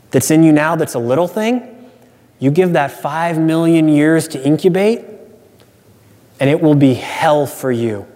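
A man's voice: medium pitch, darkish tone. A man preaching a sermon as pastor, earnest and emphatic, repeating key phrases for weight. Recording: reverberant hall sound.

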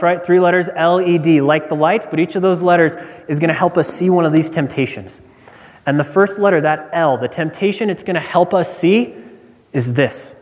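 A man's voice: fairly high pitch, big-room sound. A man preaching a sermon as a pastor, earnest and emphatic, who repeats his key lines for weight.

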